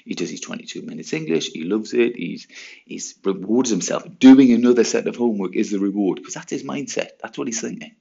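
A deep-voiced man talks on his own in a relaxed podcast monologue, his voice husky and gravelly. He speaks like a teacher thinking aloud, throwing in rhetorical questions and quick "right"s. The recording sounds slightly dull and lo-fi. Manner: chatty, rhetorical, peppered with "right" and "okay". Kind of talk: casual solo podcast monologue.

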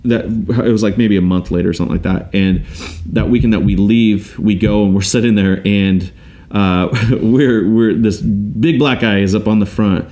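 A man telling a personal story in a casual, animated way, often restarting and acting out what people said. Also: fairly low pitch, moderate pace, lo-fi sound. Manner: animated, quotes others in acted voices, restarts often.

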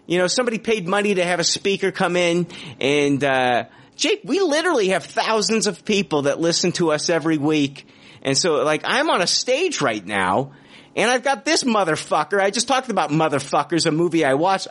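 A man hosting a casual podcast, talking in an animated, profane, mock-outraged way. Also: high-pitched, normal speed. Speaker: podcast host.

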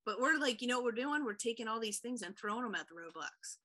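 A woman chats as a podcast co-host in a playful, teasing manner. Her voice is bright. She is recorded over a video call. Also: on the high side, expressive, fast talker. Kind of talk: casual chat.

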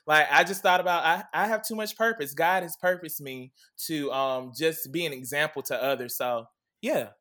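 Young male guest, bright and slightly higher voice, lively storyteller. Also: normal speed. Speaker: guest, content creator. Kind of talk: interview answers.

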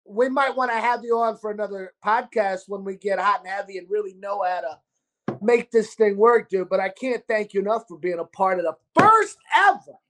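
A man with a New York accent hosting a casual podcast, talking in an animated, gruff way and calling people dude and brother. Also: high-pitched, moderate pace. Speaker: podcast host and restaurant owner.

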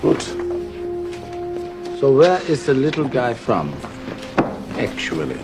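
An actor with a German accent playing a kindly older army doctor-scientist in a film. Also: male voice, medium pitch, big pitch swings, slow pace, music in the background. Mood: warm encouraging. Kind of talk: film dialogue. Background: film score.

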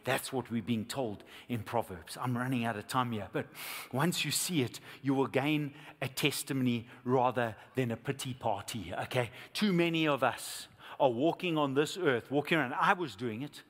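A man preaching a sermon as pastor, swinging from hushed whispers to loud, impassioned appeals and repeating phrases for emphasis. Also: medium pitch, moderate pace, few pauses. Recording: long hall reverb, faint music behind.

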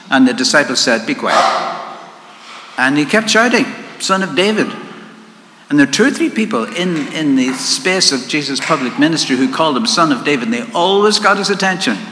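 A man preaches in a bright, clear voice, chatty and easygoing, circling back to repeat his words. His voice rings through a large echoey hall with a long reverb and faint noise behind it. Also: medium pitch. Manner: conversational, with asides and repeated words. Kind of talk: sermon.

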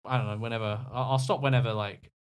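A man's voice: mid-range voice, fairly even intonation, quick pace, smooth. Laid-back man chatting on a podcast. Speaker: podcast guest. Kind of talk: casual podcast chat.

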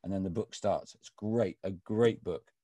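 A man's voice: sits low, unhurried, no room sound. Man telling a story to an audience. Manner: animated, restarts often. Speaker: guest speaker.

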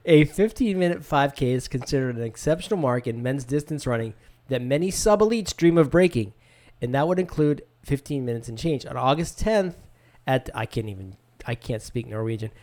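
A man's voice: mid-range voice, expressive, a little fast, a little mellow. A man co-hosting a casual podcast in an easygoing way, laughing often and reading out running results. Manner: easygoing, laughs often, reads stats out from notes. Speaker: podcast co-host. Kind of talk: casual chat.

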